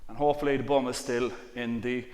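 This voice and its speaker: A man leading an exercise class, calmly cueing breaths and counting reps, with "all right" again and again. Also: medium pitch, fast. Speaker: exercise instructor. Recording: long reverb, faint background noise.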